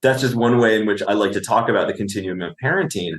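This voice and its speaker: Speaking fast in a lowish voice in a reverberant space, a clinician guesting on a podcast explains parenting in conversation. He frequently asks "right?" and acts out a parent's lines.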